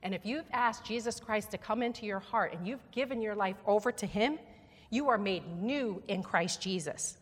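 A woman's voice: mid-range voice, normal speed. A woman giving a sermon as a guest preacher, earnest and emphatic, coaxing the congregation to repeat after her. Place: church sanctuary. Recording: long reverb of a church hall.

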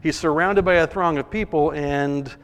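A man preaching a sermon, telling a story in an animated way and acting out the voices of people in it. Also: fairly high pitch, normal speed, smooth. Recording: long reverb of a large hall.

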